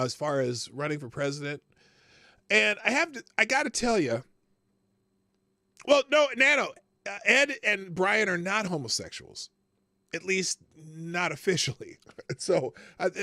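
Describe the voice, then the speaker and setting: A man's voice: high voice, bright, forceful tone, no echo, studio quality. An American man hosting a casual political commentary livestream, profane and rambling, laughing often. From United States. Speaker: host.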